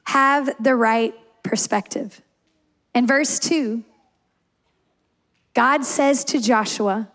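A woman pastor with a high voice preaches and tells stories from her family. She speaks with emphasis and often repeats a line to drive it home. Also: slow pace, a bit bright. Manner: emphatic, repeats key lines for stress. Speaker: campus pastor. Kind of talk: sermon with personal stories.

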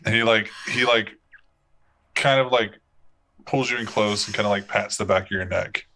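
Bright-voiced man narrating a tabletop game. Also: on the low side, normal speed. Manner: laughing, loose storytelling with many fillers. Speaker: game master.

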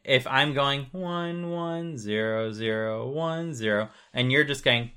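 A man's voice: medium pitch, takes it slowly, hardly any pauses, sharp tone, clear, resonant tone. A man casually explaining how data is sent over cables, patient and chatty, with many fillers.

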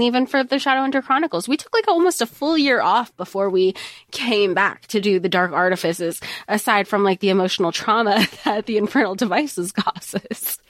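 A woman's voice: mid-range voice, no echo. A woman co-hosts a podcast in easy casual chat. She rambles through asides and restarts in a conversational way. The recording is dry with no room sound. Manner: chatty, rambling with many asides. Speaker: podcast co-host.

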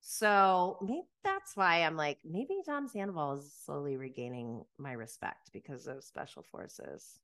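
A low, slightly bright female voice moves at a measured pace with hardly any pauses. She's a podcast host giving a casual, animated reality TV recap, laughing frequently and leaning on "like."

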